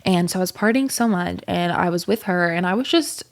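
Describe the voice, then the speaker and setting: Brisk and on the low side with vocal fry, a young podcast host rambles through a candid personal story. Her casual chat is full of filler words and plenty of cursing.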